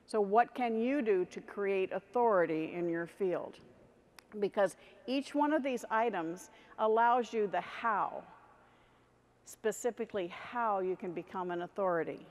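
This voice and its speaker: A woman's voice: medium pitch, a little slow, slight background noise. A middle-aged woman giving a motivational conference talk, speaking straight to the audience and leading them in exercises. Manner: energetic, addresses the audience directly and leads them in exercises. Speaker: keynote speaker. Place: large conference hall. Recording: long hall reverb.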